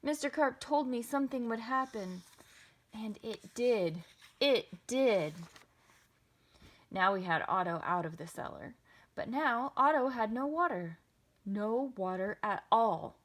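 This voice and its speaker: A woman reading a children's picture book aloud with expressive, sing-song delivery. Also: fairly high pitch, measured pace. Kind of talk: children's storybook read-aloud.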